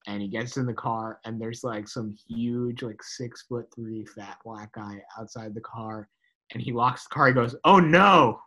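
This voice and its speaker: A man's voice: fairly low pitch, little pitch movement, measured pace, a bit bright, rough recording. A man co-hosting a podcast, telling stories animatedly, with lots of "like" and "dude" and casual swearing. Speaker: podcast co-host.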